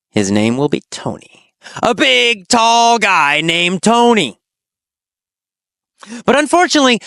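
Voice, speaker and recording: An English teacher telling a teaching story, asking simple questions and answering them, with slow, exaggerated storytelling and dramatic pitch swings. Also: a bit bright, smooth, dry recording, clean studio sound.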